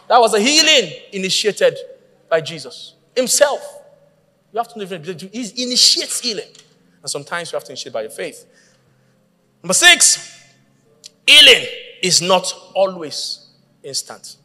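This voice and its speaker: A man preaching a sermon, telling a story with lively acted-out voices and shouting at the peaks. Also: high-pitched, normal speed, pauses often, long reverb tail. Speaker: pastor.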